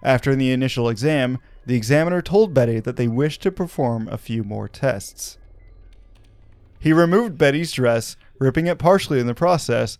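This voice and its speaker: A man's voice: mid-range voice, lively intonation, moderate pace, darkish tone, no room sound, faint music behind. A man from Arkansas who hosts a podcast, telling a story with wry asides and laughing at his own jokes. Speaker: podcast host.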